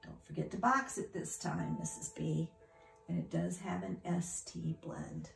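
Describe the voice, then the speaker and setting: A woman's voice: fairly low pitch, steady tone, unhurried, gravelly, soft background music. A woman teacher giving a phonics lesson to young children, speaking patiently, sounding out the parts of words and sometimes dropping to a whisper.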